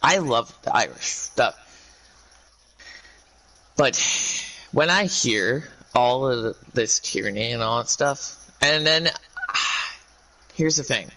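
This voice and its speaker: Man ranting to his viewers; bright, sharp tone and a lively pitch; halting, rambling delivery. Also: poor audio. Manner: ranting, halting, many restarts.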